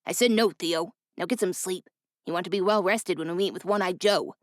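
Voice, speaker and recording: A woman voicing a gruff, menacing man in an audiobook, bossy and threatening. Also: fairly low pitch, brisk, no echo, clean studio sound, lightly acted. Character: gruff threatening male bounty thug.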